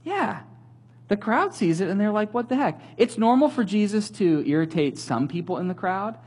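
A man giving a sermon as a pastor, telling the story in a conversational, animated way with light humor. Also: high-pitched, moderate pace, breathy edge.

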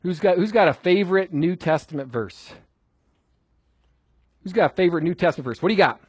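A man teaches a class on memorizing verses, talking casually and prompting the group with questions. His voice sits a bit high and sounds husky. The sound is dry and close, with little room echo. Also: fairly quick. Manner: conversational, asks the audience questions, repeats for emphasis. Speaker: Bible teacher.

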